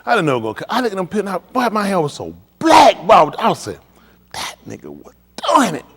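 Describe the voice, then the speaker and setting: A man's voice: high voice, big pitch swings, fast talker, breathy edge. An older man hosting a live stream, telling joking stories in casual chat and mimicking other people's voices.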